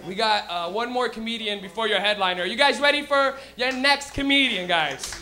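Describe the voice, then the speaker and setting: A young Canadian man hosting a comedy show, doing a loud, profane stand-up set and laughing at his own jokes on stage. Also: high voice, normal speed, hardly any pauses, a crowd in the background. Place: comedy club stage, audience.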